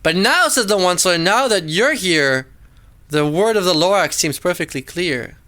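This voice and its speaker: A man reads a rhyming storybook aloud with a high, bright voice. His delivery is sing-song and dramatic, and his pitch swoops up and down with the verse. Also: expressive, normal speed.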